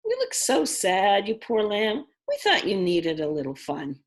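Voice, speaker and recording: A woman's voice: medium pitch, huge pitch swings, unhurried. A woman voicing a doting mother who coos sweetly over the phone in a storybook reading. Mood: cooing. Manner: cooing, sweet.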